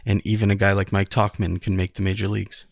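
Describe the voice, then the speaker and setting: A man's voice: lowish voice, level tone, fast, creaky, dry recording. A man co-hosting a sports podcast, chatting casually with wry, joking asides. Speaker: podcast co-host.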